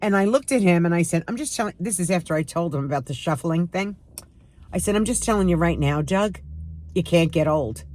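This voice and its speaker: A woman's voice: lowish voice, animated, a little fast, a little mellow. A woman in her sixties chatting casually to camera at home, sarcastic and emphatic as she tells stories. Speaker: lifestyle vlogger.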